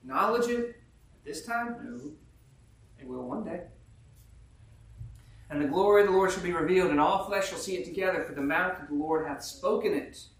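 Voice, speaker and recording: A man with a somewhat high voice delivers a sermon, leaning hard on each verse and then breaking it down in everyday words. He often asks his listeners questions. He sounds far from the mic, in a very echoey church hall. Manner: reads verses slowly and emphatically, then explains in plain talk. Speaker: preacher. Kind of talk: sermon with scripture reading. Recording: very echoey room, voice from afar.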